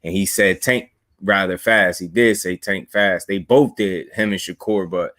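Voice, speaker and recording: Calm, analytical man. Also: low voice. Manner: measured, analytical, frequent "mm-hmm" backchannels. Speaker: podcast co-host. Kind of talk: casual boxing chat.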